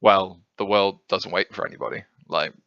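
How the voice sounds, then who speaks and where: Guy doing a chill low-voiced tester guy, shrugs it all off, slow, lo-fi sound. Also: creaky, bright, forceful tone, no echo, heavily acted. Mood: dismissive. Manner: low, offhand, unhurried. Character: calm, curt male test administrator. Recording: dull lo-fi sound.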